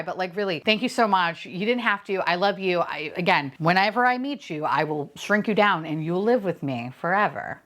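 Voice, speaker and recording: A young woman unboxing toys on her channel, gushing and swearing freely, with sudden squeals of excitement. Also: medium pitch, moderate pace. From Florida. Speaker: unboxing vlogger. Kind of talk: casual unboxing chat.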